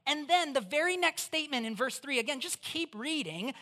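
A preacher giving a conversational, animated sermon in church, putting questions straight to the listeners. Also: sits high, fairly quick, hardly any pauses. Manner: acts out voices in quotes.

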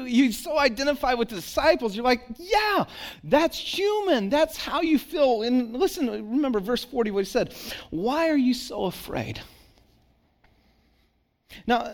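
A man preaching a sermon as a pastor, speaking conversationally with rhetorical questions, repeated words and restarts, and dropping low and soft for emphasis.

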